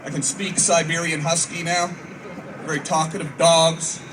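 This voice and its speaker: A man in his thirties does a rambling stand-up set for troops at an outdoor military base show, acting out voices and swearing often. His voice is a little high, with little pitch movement and a moderate pace. A far-off mic picks him up amid noisy open-air ambience.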